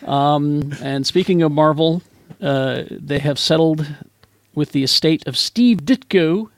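A man's voice: on the high side, takes it slowly. A man hosting a casual pop-culture chat show, talking in a rambling, chatty way with plenty of fillers. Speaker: podcast host.

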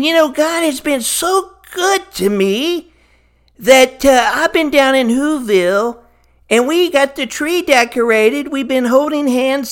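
A man voicing a cheerful, reformed male Grinch in a high, folksy put-on voice on a podcast skit. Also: a bit bright, heavily acted. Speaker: guest character.

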